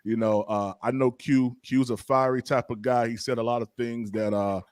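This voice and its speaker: Give me a defensive pastor, mid-pitched, stumbling over his words with a dry sound. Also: fairly even intonation, moderate pace, darkish tone, no echo. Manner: defensive, stammers, laughs it off. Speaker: pastor and podcast guest.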